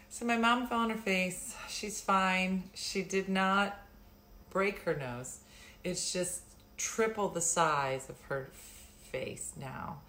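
A woman's voice: lowish voice, drawn-out words, pauses often, fairly bright tone. A middle-aged woman hosting a live stream, chatting casually, rambling and laughing often. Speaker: livestream host.

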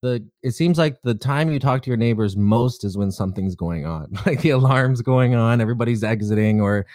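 A man's voice: medium pitch, animated, brisk, darkish tone, no room sound, studio quality. A man hosting a casual interview, talking in a rambling way with many fillers. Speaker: host.

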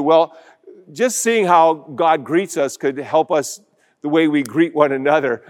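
A man's voice: on the high side, measured pace, long reverb tail. A man preaching a sermon as pastor, emphatic, acting out quoted voices as he goes.

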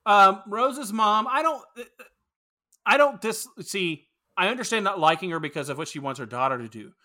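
A man co-hosts a casual film podcast, rambling through his opinions with plenty of swearing. His voice is bright and a touch high, swinging lively up and down as he argues his points. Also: normal speed. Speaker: podcast co-host. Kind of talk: casual film-review chat.

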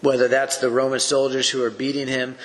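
A man's voice: mid-range voice, little pitch movement, brisk, in a large hall. A man teaching through a Bible passage on a podcast. He speaks earnestly in a preacherly way and poses rhetorical questions.

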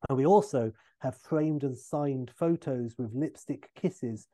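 A man hosting a podcast, telling a comic film pitch in a rambling way with fillers and self-corrections. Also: a little slow, dark tone.

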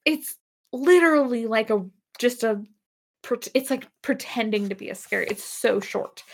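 A woman's voice: fairly high pitch, animated, unhurried. A woman co-hosting a casual podcast chat, recapping a TV episode with sarcasm and frequent laughter. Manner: sarcastic, laughing, acts out characters' lines. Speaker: podcast co-host.

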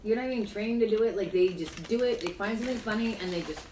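A woman's voice: medium pitch, fast, a little mellow, roomy sound, recorded from a distance, a little hiss or hum. A woman chatting casually as a guest at a friend's home, telling stories in a giggly, chatty way. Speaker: podcast guest. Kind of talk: casual chat.

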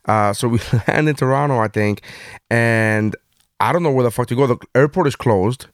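A man telling a story in casual chat, animated and swearing freely. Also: mid-range voice, moderate pace, no echo, clean studio sound.

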